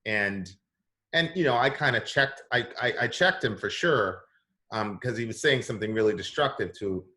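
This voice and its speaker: A man's voice: fairly low pitch, expressive, moderate pace, pushed and bright. A man hosting a casual interview over a video call, chatty and easygoing, laughing often. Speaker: host.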